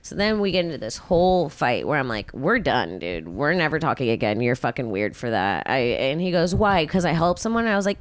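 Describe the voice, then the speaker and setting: A woman's voice: brisk, few pauses. A woman in her thirties hosting a podcast, telling a story casually and profanely, acting out quotes. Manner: animated, profane, acts out quotes with big pitch jumps. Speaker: podcast host.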